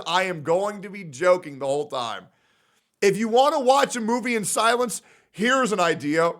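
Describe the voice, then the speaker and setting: A man streaming live, ranting loudly and profanely, swinging between shouts and low mutters. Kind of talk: ranting casual chat.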